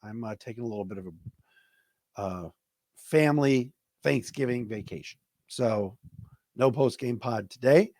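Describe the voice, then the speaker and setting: A man's voice: medium pitch, unhurried, pauses often, dark tone, no room sound. A man hosting a solo sports podcast, giving blunt, emphatic opinions in casual commentary. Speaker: podcast host.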